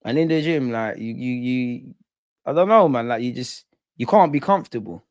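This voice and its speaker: A young man hosting a live football watch-along, chatting casually, reacting to play and reading out comments, sometimes muttering and sometimes shouting at the referee. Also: medium pitch, moderate pace, dry recording, clean studio sound. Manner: animated, swings from muttering to shouting at the ref.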